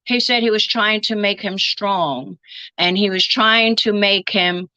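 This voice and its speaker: A woman's voice: medium pitch, a little slow, bright, forceful tone, no room sound, muffled recording. An older woman being interviewed, telling family stories and acting out the lines people said. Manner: storytelling, acting out quoted dialogue. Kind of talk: reminiscing interview.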